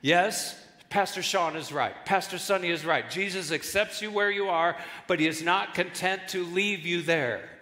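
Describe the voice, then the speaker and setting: A male guest pastor preaching a sermon with animated delivery and jokes, in a large church hall. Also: sits high, moderate pace, hardly any pauses. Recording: echoey church hall with long reverb.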